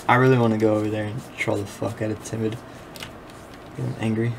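A man's voice: lowish voice, quick pace, creaky. Young guy doing chatty game commentary, gets worked up, cusses a lot, faint hiss behind. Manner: excitable, swears freely, laughs often. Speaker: gameplay video creator. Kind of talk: casual gameplay commentary.

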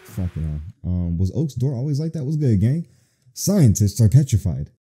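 A man commenting on a horror game as he plays, crude and profane in his jokes and reactions. His voice is very dark and husky, swinging up and down in lively pitch, with faint game music underneath. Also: moderate pace. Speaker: gaming video host. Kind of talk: let's play commentary.

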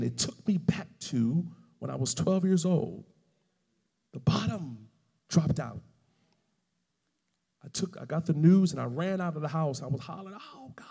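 A male pastor preaching a sermon, telling a personal story and building to loud, emphatic preaching. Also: on the high side, gravelly, husky, in a large hall.

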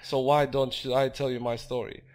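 A man's voice: medium pitch, little pitch movement, normal speed, darkish tone, lightly acted. A greedy, sneering jailer, read by a man who chuckles over his prisoners. It is delivered as a fan reading of game dialogue, in an everyday mid-range male voice.

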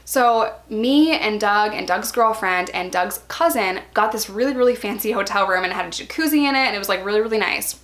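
A woman's voice: mid-range voice, brisk, few pauses. A woman in her thirties telling a personal story in a casual, chatty way, full of "like" fillers and acting out what people said in a raised voice. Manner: animated, acts out quoted lines in a raised voice. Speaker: vlogger.

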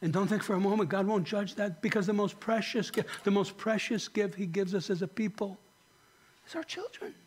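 A male pastor preaching with passion, his high voice climbing on pointed questions before falling to a near-hush. The delivery is a fervent sermon, by turns urgent and sorrowful. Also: steady tone, brisk, hardly any pauses, breathy edge. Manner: impassioned preaching, rising to emphatic high questions then dropping soft.

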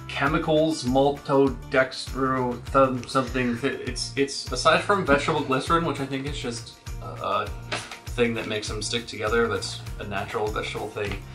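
A man's voice: medium pitch, fairly even intonation, moderate pace, a bit bright, soft background music. A man co-hosting a casual unboxing video, chatting playfully and coaxing his dog along. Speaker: co-host unboxing a dog subscription box.

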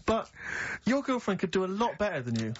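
A man's voice: high voice, sing-song, a little fast. A man co-hosting a radio show, firing off teasing, sarcastic quips in casual chat. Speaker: radio co-host. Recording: dull sound with clear background noise.

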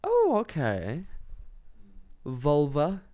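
A playfully combative man in casual podcast chat. He jumps up and down in pitch, lively and cheeky. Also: drawn-out words. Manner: playfully combative, swearing, mock-outraged. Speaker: podcast co-host.

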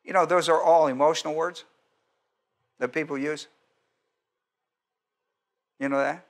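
A male pastor preaches expositorily at a measured pace, animated as he puts questions to the congregation. He occasionally slips into a gentle, low voice to underline key moments.

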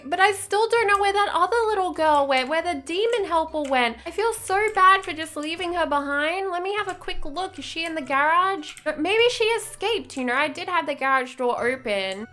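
A woman with a very high voice narrates her gameplay in character. Her tone is bright and sharp, and she keeps gasping and sounding frightened as she plays along. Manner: excitable, gasping, scared-sounding play. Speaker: gaming YouTuber. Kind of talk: role-playing while playing a game.

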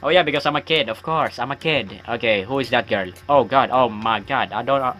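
Fairly quick and forceful, this man's bright, medium-pitched voice carries a gaming YouTuber's rambling let's-play chat. He plays a horror game, mocks himself chattily, and breaks into yelps at the scares.

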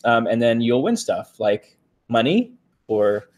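A man's voice: medium pitch, measured pace. Chatty, easygoing male co-host. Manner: relaxed, chatty, many ums and likes. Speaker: live-stream co-host. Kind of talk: casual live-stream chat.

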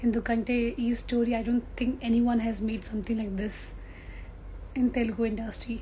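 A young actress, hoarse and losing her voice, chatting casually with fans on a phone livestream. She laughs often, slips into a near-whisper and switches languages mid-sentence. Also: a little high, flat delivery, racing, warm tone, a little hiss or hum, low-quality recording. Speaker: film actress. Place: on a film set during a break.

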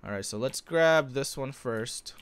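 A young man giving live commentary on his own gameplay, calm one moment and yelling with excitement the next. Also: medium pitch, a little slow, clear, resonant tone. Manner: excitable, swings between calm narration and shouting. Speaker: gaming video host.

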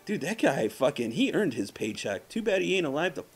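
A man's voice: on the high side, sing-song, fairly quick, soft background music. A man casually commenting on his gameplay, profane and self-mocking, trash-talking the game's enemies. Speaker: let's play gamer.

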